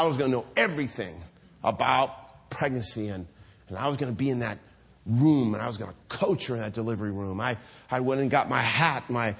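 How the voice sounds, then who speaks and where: A man preaching a storytelling sermon, animated, acting out the voices in his stories and laughing often. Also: medium pitch, slightly rough.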